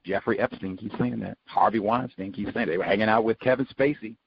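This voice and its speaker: A man hosting a book study show, giving sarcastic, animated commentary as he reads. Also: on the low side, brisk, gravelly, husky, dry recording, dull audio. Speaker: host.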